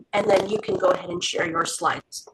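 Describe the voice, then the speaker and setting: A woman's voice: mid-range voice, noisy background. Woman running a video-call meeting. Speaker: meeting facilitator. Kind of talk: online community meeting. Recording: choppy video call audio.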